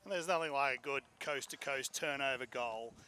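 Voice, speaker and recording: A man giving measured analysis as the second voice in a live football commentary. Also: mid-range voice, sharp tone, clear, resonant tone. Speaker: color commentator.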